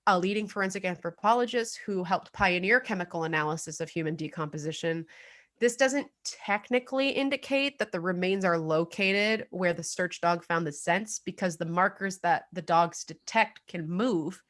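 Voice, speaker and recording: A woman's voice: lowish voice, moderate pace, fairly bright tone. A young adult woman co-hosting a casual true-crime podcast, chatty and full of fillers, laughing now and then. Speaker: podcast co-host.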